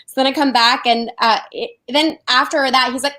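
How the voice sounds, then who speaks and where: An actress telling animated stories about auditions in a casual interview. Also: female voice, on the high side, a little fast, low-quality recording. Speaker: actress guest.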